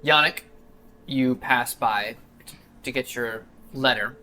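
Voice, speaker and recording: A man's voice: medium pitch, slow, sharp tone, slight background noise. A man running a tabletop game as game master, casual and playful with his players.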